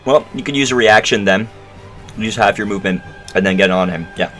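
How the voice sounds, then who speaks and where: A man's voice: lowish voice, brisk, a bit bright, faint music behind. A man acting as game master for a tabletop game, describing the action and explaining rules in a casual way with plenty of fillers.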